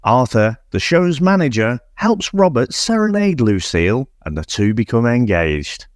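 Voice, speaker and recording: Man, teasing, very lively voice, mid pitch, dry sound. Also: measured pace, no echo. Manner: lively, teasing, reads a plot summary. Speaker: podcast co-host. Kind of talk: casual film review chat.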